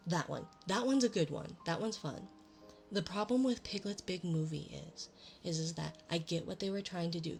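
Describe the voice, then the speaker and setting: A young woman streaming ASMR, rambling casually between storybook passages in a soft-spoken, self-deprecating way. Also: fairly low pitch, gravelly.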